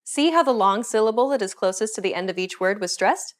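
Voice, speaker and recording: A woman giving a scripted pronunciation lesson in a clear, explanatory and measured way. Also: mid-range voice, lively intonation. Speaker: pronunciation teacher. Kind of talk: scripted instructional narration.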